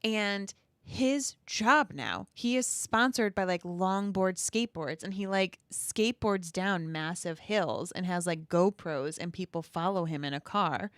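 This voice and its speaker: A woman's voice: on the low side, a little slow, clean tone, dry recording, studio quality. A woman, a former teacher, co-hosting a podcast in casual, filler-heavy storytelling chat.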